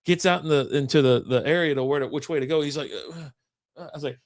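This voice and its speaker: A man's voice: fairly high pitch, very fast, no echo, clean studio sound. A man co-hosting a casual chat, telling a long story in a rambling, profane way and acting out what people said. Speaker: podcast co-host.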